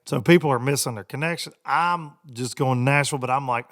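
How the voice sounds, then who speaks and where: A middle-aged man, hosting a podcast and telling a rambling story, laughing often and doing loud mocking voices. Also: mid-range voice, brisk. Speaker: podcast host. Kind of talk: casual storytelling monologue.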